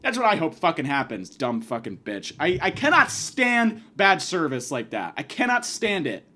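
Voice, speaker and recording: A man's voice: on the high side, wildly swooping pitch, normal speed, sharp tone. A man hosting a podcast, delivering a profane, sarcastic comedic rant. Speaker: podcast host.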